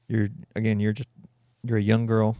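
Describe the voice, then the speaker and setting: A man's voice: lowish voice, monotone, normal speed, dark tone, clean tone, no room sound. A man hosting a solo comedy podcast, rambling and mocking in a sarcastic tone. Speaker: podcast host.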